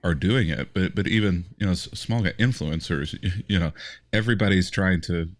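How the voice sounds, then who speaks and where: A man co-hosting a casual faith podcast, animated and stammering through restarts. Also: deep voice, moderate pace, no echo, clean studio sound. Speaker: podcast co-host.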